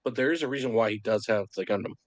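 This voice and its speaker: A man's voice: on the low side, racing, dry recording. A man in a casual chat who explains trivia in a plain way. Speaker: podcast guest.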